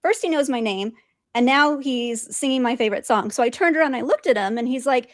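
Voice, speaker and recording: A woman guest telling her spiritual experiences in an animated way, laughing often and acting out quotes. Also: sits high, brisk, no echo, clean studio sound. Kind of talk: storytelling in conversation.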